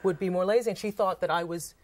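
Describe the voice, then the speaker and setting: Speaking fast in a fairly low voice, this photographer and author from Trinidad shares stories during a relaxed interview. She brings each anecdote to life by performing the quoted dialogue.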